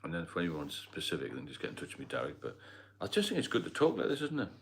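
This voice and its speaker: A man's voice: very deep voice, huge pitch swings, fast talker, creaky. A middle-aged man with a mixed Geordie and London accent, hosting a casual livestream chat and rambling as he answers viewer comments. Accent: Geordie and London mix. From Northeast England. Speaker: livestream host.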